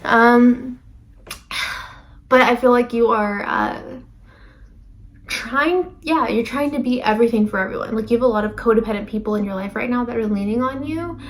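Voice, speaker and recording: A woman's voice: on the high side, normal speed. Chatty young-sounding tarot reader woman. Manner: rambling, filler-heavy, self-correcting. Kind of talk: casual tarot reading to camera.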